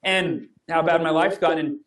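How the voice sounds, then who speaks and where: A man in his thirties, a guest in an interview, telling a personal story in a lively way and acting out the dialogue. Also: a little high, normal speed, gravelly. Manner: animated, acts out quoted dialogue. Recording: echoey room, voice from far off.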